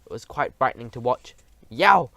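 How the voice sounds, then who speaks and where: A man's voice: mid-range voice, normal speed, no room sound. Man reading a children's story aloud. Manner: expressive, animated reading with slips. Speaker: audiobook reader. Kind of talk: storybook narration.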